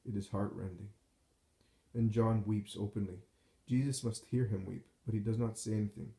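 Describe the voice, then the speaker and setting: A man reading a devotional text aloud in a slow, solemn, measured way, recorded in a roomy space with echo. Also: on the low side, fairly even intonation, creaky, mellow. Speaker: narrator.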